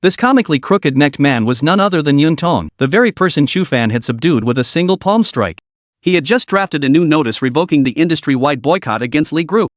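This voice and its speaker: A man narrating a scripted story recap with dramatic, expressive delivery. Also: a little high, brisk, no room sound, studio quality.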